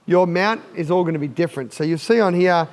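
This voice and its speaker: A man's voice: high voice, fast talker. A man with an Australian accent presenting a casual, jokey how-to install video and laughing at his own fumbles. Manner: larrikin banter, laughs at himself.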